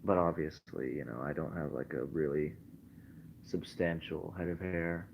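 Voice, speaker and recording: A young man with a deep, gravelly voice rambles slowly from his bed, pausing often on fillers. The camera mic sounds muffled, with a faint hiss behind it. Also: darkish tone. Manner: meandering, many fillers. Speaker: vlogger. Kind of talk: casual rambling livestream. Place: in bed at home.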